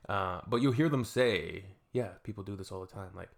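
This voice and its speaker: A man's voice: on the low side, fairly quick, vocal fry. A man hosting a reaction video, chatting casually with plenty of fillers and easy laughs. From Canada.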